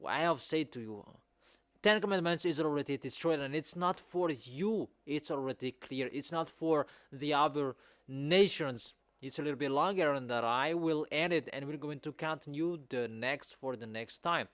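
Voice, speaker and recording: A man preaching a sermon in non-native English, repeating his points with emphasis and rising to loud exhortation. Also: on the high side, moderate pace, no echo.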